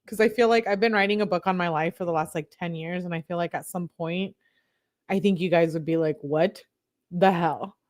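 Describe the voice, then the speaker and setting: Young woman, casual chatty commentator, quick to giggle. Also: lowish voice, steady tone. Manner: giggly, chatty, jokes between readings. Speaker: true-crime commentator reading texts aloud. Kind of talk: casual commentary, reading texts.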